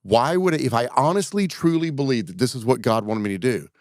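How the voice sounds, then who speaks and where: A man's voice: mid-range voice, quick pace, darkish tone, no echo, clean studio sound. A man co-hosting a podcast who talks earnestly and reflectively about his faith in a casual chat. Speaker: podcast co-host.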